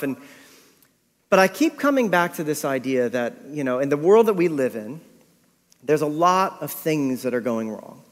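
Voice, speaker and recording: A man's voice: on the high side, very animated, normal speed. A middle-aged man preaching a sermon, telling a story with animation and acting out his own thoughts. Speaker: pastor. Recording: long reverb of a hall.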